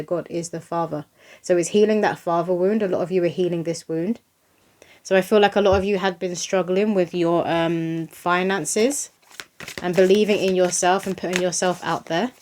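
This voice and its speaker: A woman's voice: fairly low pitch, a little mellow. A young woman giving a casual channeled spiritual reading to camera, earnest and reassuring, often repeating her points.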